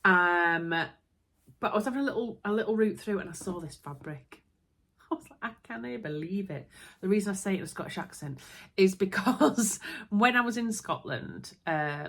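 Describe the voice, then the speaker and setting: A woman's voice: on the low side, fairly bright tone. A woman with a Yorkshire accent chatting casually to camera as a sewing vlogger, giggly and often interrupting herself. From Yorkshire, England.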